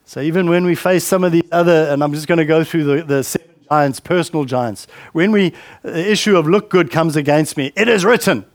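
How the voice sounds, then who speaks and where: Preacher, male, high-pitched, chatty sermon delivery full of questions, dry recording. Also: fairly quick, no room sound. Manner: conversational, repeats words, asks questions.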